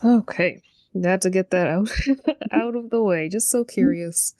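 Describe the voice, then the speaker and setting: A woman's voice: medium pitch, unhurried, warm tone, no room sound, clean studio sound. A woman hosting a podcast, asking curious questions and agreeing easily in casual conversation. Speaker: podcast host. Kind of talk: casual interview chat.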